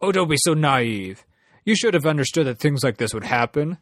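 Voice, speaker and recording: A man's voice: on the high side, expressive, moderate pace, no echo. Guy reading as a condescending zealot villain, mocking, plain dry voice. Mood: smug. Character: smug, fanatical male revolutionary villain.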